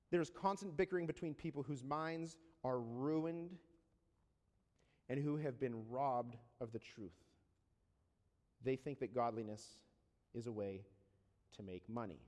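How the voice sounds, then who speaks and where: A man preaching a sermon in a conversational way, often checking in with rhetorical questions and slowing down to read scripture deliberately. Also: mid-range voice, a little mellow. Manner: reads scripture slowly and deliberately. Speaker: pastor. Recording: long reverb of a large hall.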